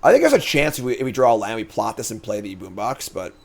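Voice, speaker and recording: A man's voice: fairly low pitch, fast talker, gravelly, slight background noise. A man streams himself playing a card game and talks through every choice as he goes. His voice swings up and down with lots of life, and he sounds loose and chatty. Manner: chatty, thinks aloud, animated swings in energy. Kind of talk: casual gameplay commentary.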